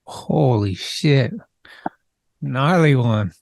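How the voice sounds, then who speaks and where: A man's voice: mid-range voice, extremely slow, vocal fry, a little mellow. A man hosting a podcast, asking short, casual questions and laughing along with his guests. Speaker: podcast host. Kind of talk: casual interview.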